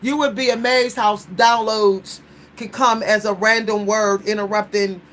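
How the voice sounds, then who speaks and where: A woman's voice: mid-range voice, steady tone, normal speed, a bit bright, a little hiss or hum. A woman hosting a casual chat, musing playfully and laughing often, with features. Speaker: host.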